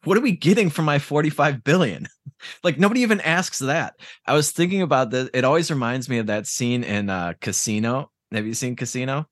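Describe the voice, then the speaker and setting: A man's voice: mid-range voice, brisk, no room sound, studio quality. A man in casual podcast chat, ranting with profanity and sarcasm.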